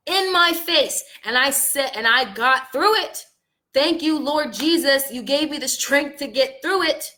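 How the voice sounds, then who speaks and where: A woman vlogger vents directly to her audience in a heated, casual monologue to camera. She's upset and angry, and her voice lurches between loud outbursts and quiet, low lines.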